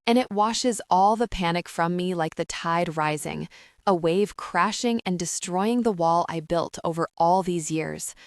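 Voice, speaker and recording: Soft-spoken woman narrating an audiobook. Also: on the low side, unhurried, no echo, clean studio sound. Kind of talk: first-person romance audiobook narration.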